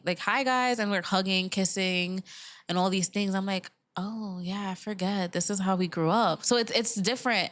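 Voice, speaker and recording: Young mother chatting candidly, mid-pitched. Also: fairly bright tone, dry recording. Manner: candid, laughing, quotes herself and others. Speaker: podcast guest. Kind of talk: casual chat.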